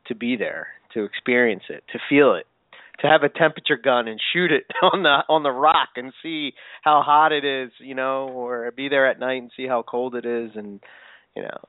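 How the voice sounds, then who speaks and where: A man's voice: mid-range voice, dry recording. A man co-hosting a podcast, speaking casually and thoughtfully, with hesitant fillers as he works out his point. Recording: tinny phone-like call audio.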